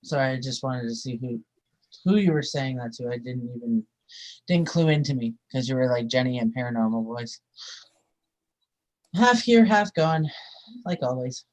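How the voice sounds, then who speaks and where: A woman chatting casually as a guest, animated and quick to swear. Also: very deep voice. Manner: animated, swears when riled. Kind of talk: casual chat.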